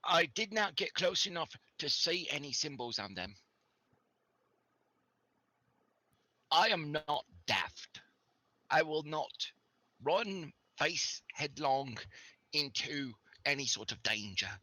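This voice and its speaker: A man's voice: high voice, unhurried, sharp tone, husky, no echo, voice pushed up, full character voice. A man putting on a cocky guide with a silly accent. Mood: indignant. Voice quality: exaggerated silly foreign accent. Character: cocky male village guide with a put-on accent.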